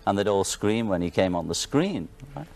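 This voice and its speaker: A man in his thirties with a Liverpool accent speaks on a television studio set. His voice sits a little low, and his talk is offhand and wry. He chuckles between remarks. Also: expressive, normal speed, creaky, a little mellow. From England. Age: 30s. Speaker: guest musician. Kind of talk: casual talk-show interview.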